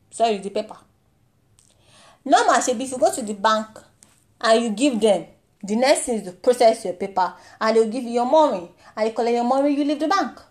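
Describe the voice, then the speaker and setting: A young woman with a Nigerian accent delivering a comic monologue, mock-indignant and animated, mixing in pidgin and Yoruba phrases. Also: fairly high pitch.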